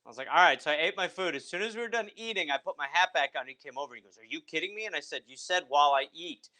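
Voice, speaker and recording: A man's voice: fairly high pitch, very fast, sharp tone, low-quality recording. A man who is a guest on a comedy podcast, bantering playfully and telling anecdotes. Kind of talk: casual comedic chat.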